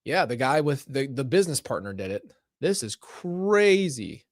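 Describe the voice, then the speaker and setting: A man live-streaming as he reads an interactive mystery story aloud, excitable, breaking off to laugh and react. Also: medium pitch, normal speed, dry recording, studio quality. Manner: excitable, laughing and reacting between read passages.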